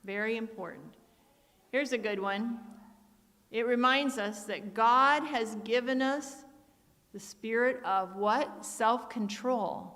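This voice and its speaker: Speaking from a church sanctuary with hall reverb around her, a middle-aged woman delivers a sermon. She narrates family stories, imitates family members' voices, and reads out Bible verses in a voice on the high side and somewhat bright.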